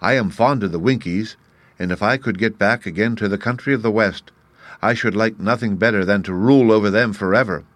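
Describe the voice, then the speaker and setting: A man voicing a gentle, tender-hearted tin man in a storybook, soft-spoken. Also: lowish voice, a little fast, dry recording, natural voice. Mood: fond.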